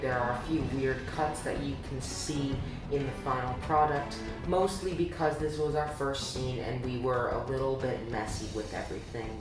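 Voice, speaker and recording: Guy talking over his bloopers, chill and self-critical, super echoey, mic far off. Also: medium pitch. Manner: relaxed, self-critical, with fillers. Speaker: film creator giving commentary. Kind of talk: reflective voice-over commentary.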